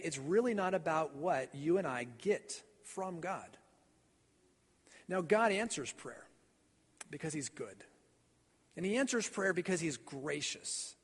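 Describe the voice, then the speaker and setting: High-voiced preacher in a reverberant church. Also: male voice, husky. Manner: earnest, repeats and stumbles on words. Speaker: pastor. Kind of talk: sermon. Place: church sanctuary.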